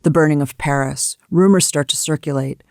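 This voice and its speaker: A woman's voice: deep voice, brisk, darkish tone, dry recording, clean studio sound. An American woman co-hosting a history discussion, telling events in a vivid, emphatic way. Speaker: co-host.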